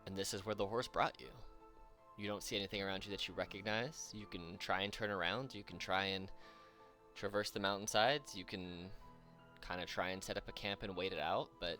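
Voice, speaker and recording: Slow-talking man narrating a tabletop game. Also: low-pitched, steady tone, sharp tone, faint music behind. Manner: slow, halting narration with fillers. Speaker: game master.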